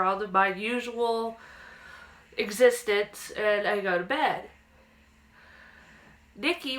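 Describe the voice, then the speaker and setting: Bright-voiced young woman telling a story. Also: a little high, rough recording. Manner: animated, acts out quotes in a raised childlike voice. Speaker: vlogger telling a personal ghost story. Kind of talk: casual storytelling to camera.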